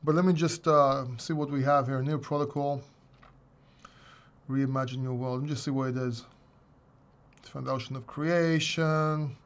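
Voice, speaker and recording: A man's voice: mid-range voice, steady tone, a little slow, long pauses. A man hosting a casual crypto livestream, rambling and joking at his own expense. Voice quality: self-mocking, rambling, many restarts. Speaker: crypto channel host.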